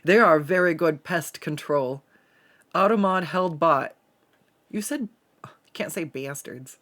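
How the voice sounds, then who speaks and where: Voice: medium pitch, unhurried, a bit bright. A streamer from the Pacific Northwest chatting casually while drawing and reading chat aloud, swearing freely and laughing often.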